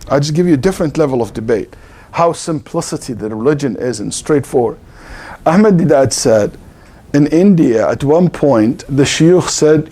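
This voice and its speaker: A man's voice: on the high side, mellow. A middle-aged man giving a religious lecture as a teacher, telling stories with animation and acting out the quotes.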